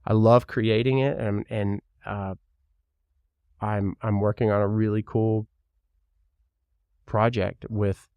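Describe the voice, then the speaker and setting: A man's voice: lowish voice, level tone, slow, long pauses, clean tone, no echo, dull audio. A young man from Kentucky with a mild Southern accent, hosting a podcast and rambling frankly in casual solo talk, swearing now and then. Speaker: podcast host.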